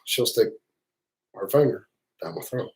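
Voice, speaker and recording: A man's voice: medium pitch, expressive, a little slow, rough recording. A man with a Southern US accent, hosting a livestream and spinning rambling, profane, teasing stories in a casual way. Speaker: motorcycle travel channel host.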